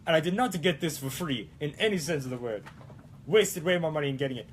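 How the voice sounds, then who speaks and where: Fairly high-pitched and animated, a young man talks at a quick pace over a slight hiss or hum. Hosting a laid-back cosplay stream, he goofily rambles through comments from viewers, hamming up a phony Italian accent and mocking himself.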